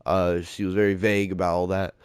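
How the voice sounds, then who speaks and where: A young man with a fairly low voice tells a story on his podcast. He rambles, swears freely and pads his sentences with "uh" and "like". The sound is close and dry. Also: little pitch movement, fast talker, clean tone, no echo. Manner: rambling and profane, heavy filler words. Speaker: podcast host. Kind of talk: casual storytelling.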